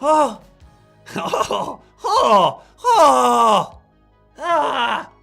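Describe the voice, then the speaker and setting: A man's voice: very high-pitched, sing-song, very slow, vocal fry, bright, forceful tone, soft background music, voice pushed up, exaggerated voice. A man putting on a moaning whiny trader. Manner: moaning, exaggerated mockery. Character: whiny complaining male novice trader.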